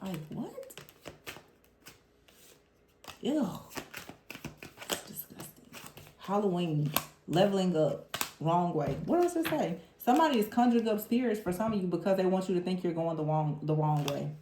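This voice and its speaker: A woman's voice: fairly low pitch, fairly quick, a little hiss or hum. Exasperated woman giving a tarot reading. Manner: animated, exasperated, mocking the people she describes. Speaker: tarot reader. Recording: roomy echo.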